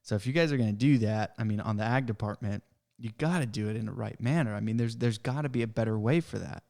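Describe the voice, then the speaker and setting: A man's voice: on the low side, fast, creaky, darkish tone. A man who owns a pest control business, hosting a podcast and venting in a frustrated, worked-up way about an inspection. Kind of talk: casual podcast rant.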